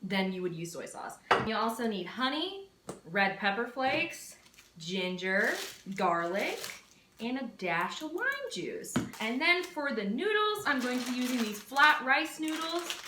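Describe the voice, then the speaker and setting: A woman's voice: a little high, sing-song, measured pace, echoey room, noisy background. A woman, chatting playfully in a casual cooking vlog, with dramatic bursts of mock panic. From Texas. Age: 20s. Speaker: vlogger. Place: home kitchen.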